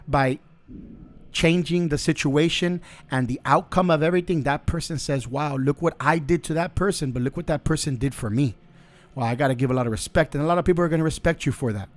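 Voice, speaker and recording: Earnest, preachy man, slightly high voice. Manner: earnest, preachy, faith-based advice; repeats phrases while building a point. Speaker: podcast host. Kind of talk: motivational monologue.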